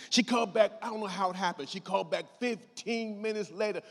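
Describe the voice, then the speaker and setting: A middle-aged man giving a motivational keynote, telling a story in an animated way and acting out voices as he goes. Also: high voice, fast. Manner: animated, acts out voices, laughs often. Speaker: keynote speaker. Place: large conference hall. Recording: long hall reverb.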